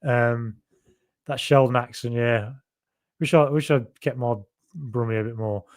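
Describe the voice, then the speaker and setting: A man's voice: medium pitch, fairly even intonation, a little slow. A young man from Solihull with a faded Birmingham accent, hosting a casual podcast chat and rambling as he reads out viewer comments. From Solihull, Birmingham area. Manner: rambling, self-correcting, chatty. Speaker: podcast host.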